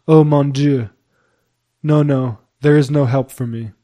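A man's voice: medium pitch, steady tone, a little slow, mellow, lightly acted. A man voicing a melancholy young foreign page who pleads in a sorrowful, half-choked way. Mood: imploring.

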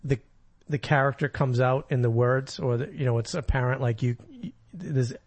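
A man appearing as a guest on a podcast in a small studio, talking casually in a halting way and repeating words as he works out his thoughts. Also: mid-range voice, darkish tone, husky, no echo. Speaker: guest, aspiring screenwriter. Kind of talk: casual chat.

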